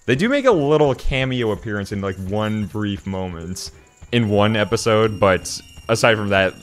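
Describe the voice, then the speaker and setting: Low-voiced male co-host, loose and giggly, with soft game music behind. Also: expressive, normal speed. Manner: chatty, laughs a lot, meandering anecdotes. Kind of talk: casual gaming chat.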